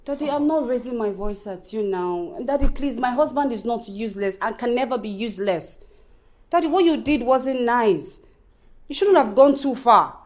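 A woman playing a devoted young wife and daughter in a Nigerian film drama, pleading softly, with a Nigerian accent. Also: a little high, expressive, moderate pace, lightly acted. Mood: defensive. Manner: pleading, soft-spoken.

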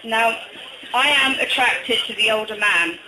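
A stand-up comic with a slight northern English accent and a strikingly high voice, delivering deadpan one-liners between hesitant ums. The recording is a phone capture from the crowd, roomy and echoey, with clear bar noise behind him. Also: male voice, measured pace. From Durham, England. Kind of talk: stand-up comedy set. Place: small bar venue, indoors. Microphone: phone recording from the audience.

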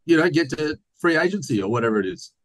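A man's voice: fairly high pitch, sing-song, fast talker, no room sound, low-quality recording. A man co-hosting a podcast, chatting casually and joking while reading listener mail aloud. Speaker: podcast co-host. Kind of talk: casual chat.

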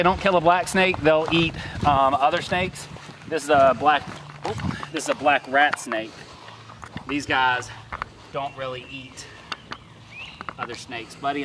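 Man, casual farm vlogger, laid-back chatty voice, outdoor camera audio with steady background noise. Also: medium pitch. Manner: laid-back, chatty, talks to the snake while handling it. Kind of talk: casual outdoor vlog narration.

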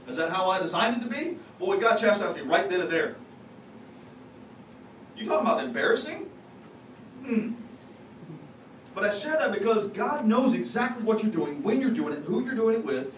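A high-pitched male pastor delivers a loose, folksy sermon, confessing and joking with his church. He sounds distant from the mic in a reverberant sanctuary, with a steady hiss of noise. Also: moderate pace, pauses often. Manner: folksy, confessional, jokes with the congregation. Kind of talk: conversational sermon. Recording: echoey, distant, noisy church recording.

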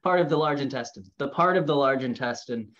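A man's voice: mid-range voice, brisk, fairly bright tone. A man co-hosting a casual quiz chat, reading clues in an apologetic, easygoing way. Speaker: co-host. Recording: dull lo-fi sound.

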